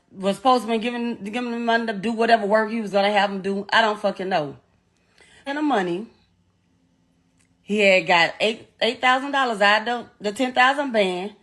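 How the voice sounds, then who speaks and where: A woman's voice: mid-range voice, moderate pace, fairly bright tone. A middle-aged woman, bluntly and emotionally retelling a painful story as a bereaved mother, swearing often and repeating herself. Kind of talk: raw first-person storytelling.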